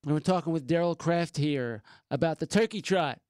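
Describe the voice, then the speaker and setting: A man's voice: on the high side, normal speed, a crowd in the background. A man hosting a casual radio talk show, chatting with a guest and reading out the call-in number.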